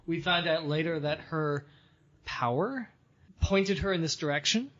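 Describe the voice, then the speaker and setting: Wry, higher-voiced man. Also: unhurried, fairly bright tone. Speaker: podcast co-host. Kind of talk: casual movie discussion. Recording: dull lo-fi mic with faint hiss.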